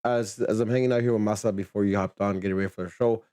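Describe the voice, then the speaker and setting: A man's voice: fairly low pitch, fast, no echo. Man met droge stem, ontspannen host. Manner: relaxed, repeats words, laughs easily. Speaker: podcast host. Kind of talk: casual chat.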